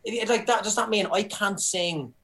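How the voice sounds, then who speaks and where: A middle-aged Irish comedian in casual podcast chat, telling stories animatedly with swearing and indignant asides. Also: male voice, high voice, normal speed, sharp tone. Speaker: comedian guest.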